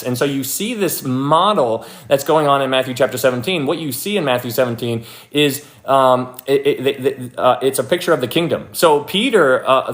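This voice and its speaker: A young man leading a casual livestream Bible study, chatty and animated, thanking viewers by name and acting out quoted people. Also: mid-range voice. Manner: frequent fillers and restarts, thanks viewers by name.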